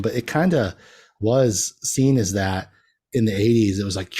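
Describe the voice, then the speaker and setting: Low-voiced man chatting casually. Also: unhurried, warm tone, slightly rough. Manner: rambling, laughs often, self-deprecating. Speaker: podcast guest. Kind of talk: casual chat.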